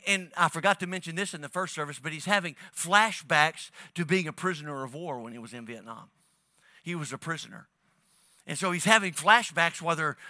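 Man preaching in halting, chatty restarts. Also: on the high side, sharp tone, no room sound, studio quality. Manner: conversational, halting with many restarts. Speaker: pastor. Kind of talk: sermon.

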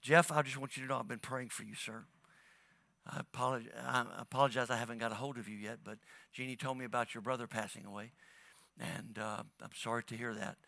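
A man preaching a sermon as pastor, talking to his congregation in a casual, halting way, with many restarts. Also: medium pitch, steady tone, gravelly, pushed and bright, no room sound.

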